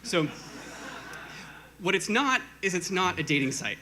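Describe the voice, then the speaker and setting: A man giving a short talk to an audience, casual and self-deprecating, speaking fast with many fillers and restarts. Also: sits high, big pitch swings, crowd noise. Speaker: conference speaker.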